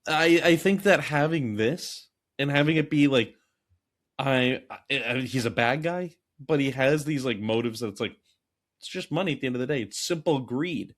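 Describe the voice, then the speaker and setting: A man co-hosting a casual movie podcast, rambling and animated, dropping into quick acted quotes. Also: medium pitch. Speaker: podcast co-host.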